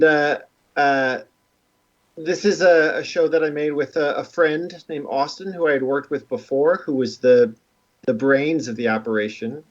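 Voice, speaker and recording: A man of middle pitch chatting casually on a livestream, rambling through his story with halting restarts and poking fun at himself. The sound is muffled and lo-fi. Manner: rambling, self-deprecating. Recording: dull lo-fi stream audio.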